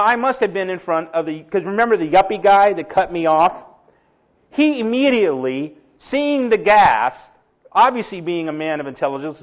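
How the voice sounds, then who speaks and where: Animated high-voiced male preacher, lo-fi. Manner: animated, laughing, acts out quoted voices. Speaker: pastor. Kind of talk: storytelling sermon. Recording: dull lo-fi recording.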